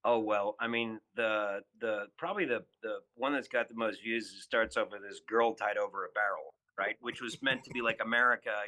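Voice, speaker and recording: A man's voice: on the low side, fairly even intonation, brisk, hardly any pauses, pushed and bright, poor audio. A man in his fifties, a podcast guest and spirits entrepreneur, telling rambling stories with lots of fillers and restarts. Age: 50s. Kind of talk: casual podcast storytelling.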